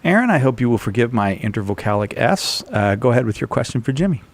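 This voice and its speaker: A man hosting a live radio call-in show, friendly and quick to laugh at his own slips. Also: medium pitch. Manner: lively, self-deprecating, quick to apologize.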